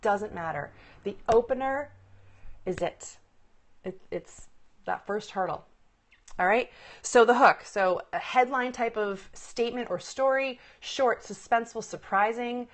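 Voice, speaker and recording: A woman's voice: on the high side, unhurried. A woman coaching on presentation skills in a chatty live stream, upbeat and conversational, often laughing and checking in with "right?". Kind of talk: live-stream teaching talk. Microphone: phone.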